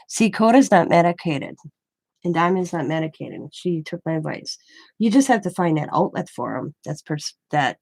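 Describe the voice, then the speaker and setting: A woman's voice: low-pitched, expressive, normal speed, creaky, darkish tone, no room sound. An older woman, a grandmother, telling a rambling story in casual chat, with many restarts. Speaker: craft vlogger.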